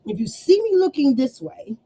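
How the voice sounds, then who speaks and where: Woman, high voice, business coach, casual livestream chat, slangy, talks to viewers like family. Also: very animated, normal speed. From US West Coast. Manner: chatty, warm slang, laughs often, addresses viewers as y'all and honey. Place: home room. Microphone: webcam setup with two cameras.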